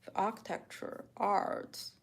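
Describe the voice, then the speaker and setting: A woman vlogger in casual chat, unhurried, listing things one by one. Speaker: vlogger chatting with a companion.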